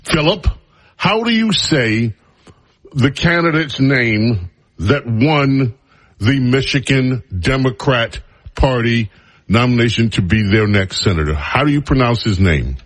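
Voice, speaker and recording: A man's voice: medium pitch, animated, a little slow. A man hosting a talk radio show, speaking in a casual way and teasing his studio crew in wry banter.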